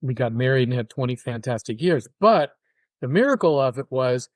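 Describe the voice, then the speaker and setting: An older man talking as a guest in an interview, telling personal stories with an animated delivery and acting out other people's words. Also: medium pitch, normal speed, no echo. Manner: animated, acts out quoted voices. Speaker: guest musician. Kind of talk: casual interview storytelling.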